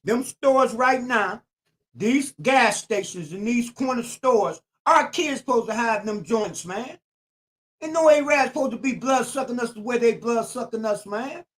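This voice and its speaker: A man's voice: extremely high pitch, measured pace, a bit bright. Older man preaching in AAVE. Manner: preachy, repetitive, emphatic. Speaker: YouTube channel host. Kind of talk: streetwise commentary monologue.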